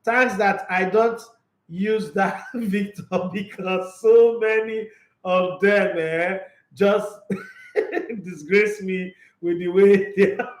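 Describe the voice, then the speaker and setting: A Nigerian man with a high voice chats about sports on his own livestream. He is animated and laughs often, slipping between Pidgin and English. The sound is echoey, as if he is in a bare room. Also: slow. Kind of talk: casual sports chat.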